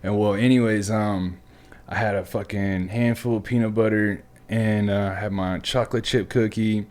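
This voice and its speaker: A man's voice: fairly low pitch, fairly even intonation, normal speed, a little mellow. A man hosting a podcast who tells stories in a casual, easygoing way, swearing freely and calling his guest man and dude. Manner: laid-back, swears freely, says "man" and "dude" often. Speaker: podcast host. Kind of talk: casual storytelling chat.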